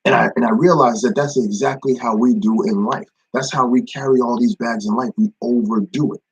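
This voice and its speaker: A young ministry devotion leader hosts an informal devotional talk, speaking conversationally, repeating phrases for emphasis, and greeting viewers by name. His medium-pitched voice is steady, brisk, and husky, and the audio is poor.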